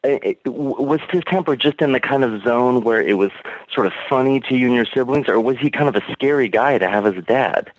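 A man's voice: medium pitch, brisk, rough recording. A male caller on a podcast, talking in a rambling, hedging way full of fillers. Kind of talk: casual call-in chat.

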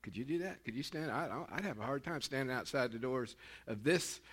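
A man preaching a sermon as pastor in a small church, folksy and animated, with laughing asides. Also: mid-range voice, fairly quick, slightly rough.

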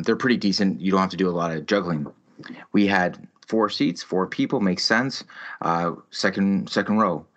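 A man in his thirties hosts a podcast, telling a story in casual chat full of heavy swearing and exaggerated ranting. His voice is on the low side with a fairly bright tone, and the lo-fi audio is slightly muffled.

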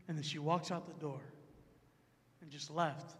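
A male preacher telling a story in his sermon, acting out both sides of the conversation with animated energy. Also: a little high, moderate pace, long reverb tail.

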